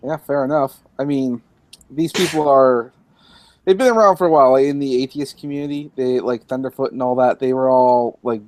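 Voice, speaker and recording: A man's voice: mid-range voice, darkish tone, no echo. A man joining a livestream chat, speaking hesitantly with repeated restarts.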